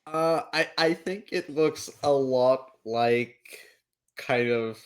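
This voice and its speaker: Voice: medium pitch, takes it slowly. A player in a tabletop game who talks playfully, with goofy sound effects. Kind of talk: casual tabletop play.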